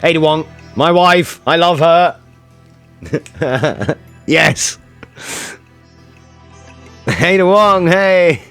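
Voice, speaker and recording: A man's voice: on the high side, animated, very slow, long pauses, fairly bright tone, clean tone, faint music behind. A male streamer chatting casually with his viewers, joking around and swearing a lot. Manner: joking, swearing, reacting to chat. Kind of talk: casual live-stream chat.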